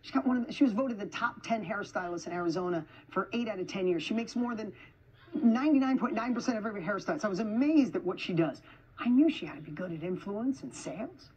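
A woman giving an energetic, emphatic motivational speech to an audience in an event hall, repeating phrases for effect. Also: mid-range voice, quick pace, lo-fi sound, a little hiss or hum. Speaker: motivational speaker.

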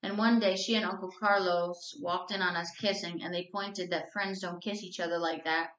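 A woman teacher reading a novel aloud to her class, telling the story at a steady, even pace. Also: lowish voice, moderate pace. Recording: roomy, slightly dull recording.

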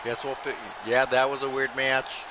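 A man's voice: mid-range voice, flat delivery, moderate pace. Casting note: man, loose and jokey play-by-play for a streamed wrestling game, noisy game sound behind him. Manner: loose play-by-play, often addressing "folks", joking asides. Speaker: host and play-by-play commentator. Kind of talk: live-streamed video game wrestling commentary.

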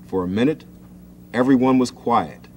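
A man hosting a 1960s children's show, reading a storybook aloud in a gentle, expressive way. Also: medium pitch, moderate pace, slight background noise. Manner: gentle, expressive storytelling, acting out the family's voices. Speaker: children's TV host. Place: TV studio set.

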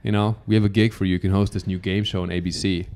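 A man's voice: low-pitched, little pitch movement, fast talker, darkish tone. A man from Germany hosting an uncensored podcast, teasing his guest with provocative, profane questions in casual chat. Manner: teasing, provocative, swears freely. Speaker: podcast host.

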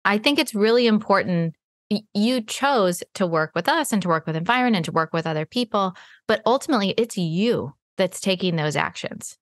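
A woman's voice: medium pitch, expressive, normal speed, no echo, studio quality. A woman hosting an interview podcast, encouraging and affirming her guest. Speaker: podcast host and spa marketing coach.

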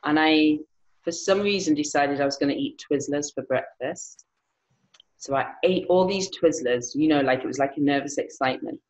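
A woman guest with a mixed English and American accent, telling stories about her acting career in a casual interview, animated and quick to laugh. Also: low-pitched, dull audio. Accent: mixed English and general American. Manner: animated, laughs often, acts out quotes. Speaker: actress, guest.

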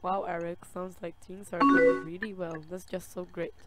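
A woman playing a game on camera, reading its chat messages aloud in a slow, drawn-out way and reacting with soft sympathy. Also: on the low side, steady tone. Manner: reads dialogue slowly, with soft sympathetic reactions. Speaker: gaming video creator. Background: loud game music and keyboard typing.

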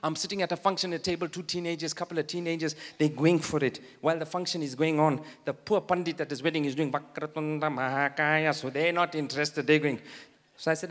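High-pitched comic in a hall. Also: male voice, fast. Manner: animated, high-pitched storytelling with laughs. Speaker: stand-up comedian. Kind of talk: stand-up comedy routine. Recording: long reverb of a large hall.

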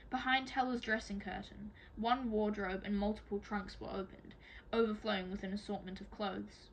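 A woman reading a novel aloud as an amateur audiobook reader, in a steady, plain storytelling manner. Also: mid-range voice, normal speed, gravelly, a little hiss or hum, poor audio.

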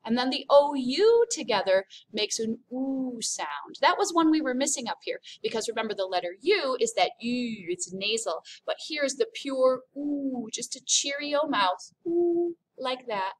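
An American woman teaching a recorded French lesson, upbeat and explaining slowly as she demonstrates sounds. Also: on the high side, lively intonation, a little hiss or hum. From United States.

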